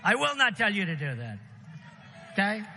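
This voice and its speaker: A man's voice: sits high, wildly swooping pitch, normal speed, bright, forceful tone, long reverb tail, slight background noise. A man delivering a rambling, repetitive campaign rally speech with punchy asides to the crowd. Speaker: political candidate. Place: large rally venue.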